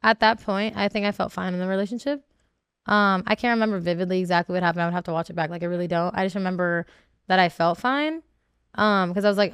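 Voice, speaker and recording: A woman's voice: medium pitch, fairly quick, clean tone, no echo, clean studio sound. A young adult woman being interviewed as a podcast guest, talking candidly and emotionally, rambling with many restarts.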